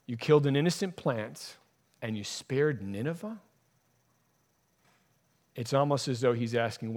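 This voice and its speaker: A male pastor delivering a sermon in an emphatic, deliberate way. He restates each point several times to press it home, and his voice sits at an ordinary middle pitch for a man. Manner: emphatic, repeats key phrases for stress.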